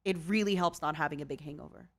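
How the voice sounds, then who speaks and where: A woman's voice: deep voice, fast talker. A woman hosting a casual chat stream, bubbly and laughing often as she talks. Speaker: streamer host.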